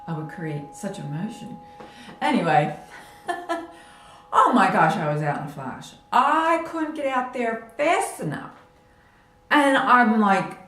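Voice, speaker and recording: Woman telling an old family story, slow and dramatic, acts it out, roomy echo. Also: mid-range voice. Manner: animated, vivid retelling with sound effects. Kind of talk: personal storytelling vlog.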